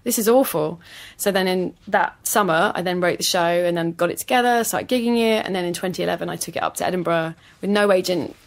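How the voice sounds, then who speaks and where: A woman's voice: lowish voice, fast, few pauses. A woman comedian telling her story in an interview, self-deprecating and candid, swearing now and then. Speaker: comedian guest.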